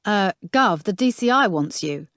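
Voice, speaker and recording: A woman's voice: medium pitch, lively intonation, measured pace, a bit bright, dry recording, pitched above the performer's own voice. A woman voicing a middle-aged male detective sergeant with a dry, teasing manner.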